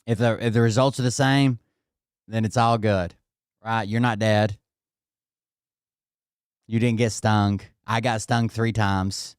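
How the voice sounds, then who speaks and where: A man telling a story casually, animated and swearing often. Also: fairly low pitch, takes it slowly, long pauses, smooth, no echo, clean studio sound. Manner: animated and heavily profane, with laughter. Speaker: vlogger telling a home story.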